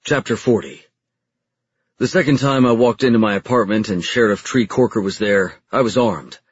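A man with a low, slightly husky voice reads a novel aloud at an even, low-key pace. The recording is dry and somewhat muffled, with little room sound. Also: no room sound. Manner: steady, low-key reading with quieter, lower-pitched dialogue voices. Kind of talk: audiobook narration.

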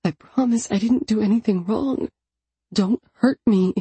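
A woman's voice: medium pitch, unhurried, warm tone, husky, dry recording, voice pushed up. A woman voicing a trembling, pleading captive woman. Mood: frightened. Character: frightened young woman held captive.

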